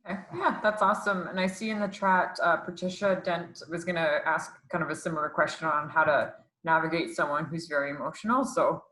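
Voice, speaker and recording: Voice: mid-range voice, steady tone, a little fast, hardly any pauses, pushed and bright, poor audio. A host wrapping up a live online talk over a video call, upbeat and relaying questions from the chat. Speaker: webinar host.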